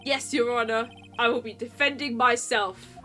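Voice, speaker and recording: A woman's voice: a little high, steady tone, moderate pace, bright, forceful tone, faint music behind. A woman voicing an earnest young male defense lawyer in a video game, speaking emphatically.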